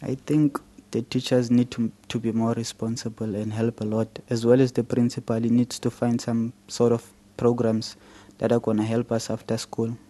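A man's voice: mid-range voice, flat delivery, normal speed, dark tone. A young man with a South African accent, a student answering interview questions down a phone line, speaking plainly and candidly. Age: young adult. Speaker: student guest.

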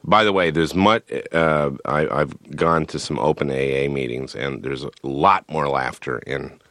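A man speaking as a comedian guest in a radio interview, wry and halting, laughing between phrases. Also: a bass voice, a bit bright, no echo, studio quality.

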